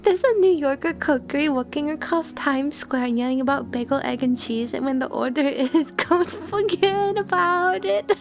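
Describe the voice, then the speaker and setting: A woman's voice: high-pitched, steady tone, moderate pace, few pauses, darkish tone, soft background music. A woman VTuber streamer in casual livestream chat, giggly and greeting her chatters by name.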